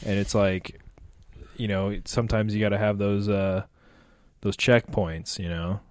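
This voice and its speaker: A man who is a guest on a podcast, talking in a relaxed, casual way and joking with the host. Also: lowish voice, a little slow, no echo, clean studio sound. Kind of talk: casual chat.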